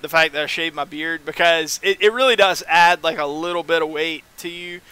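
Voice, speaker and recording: A man's voice: on the high side, fairly even intonation, brisk, sharp tone, slight background noise. A man streaming a video game, chatting casually and rambling to his viewers. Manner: rambling, chatty, reads chat aloud. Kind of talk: casual gaming stream chat.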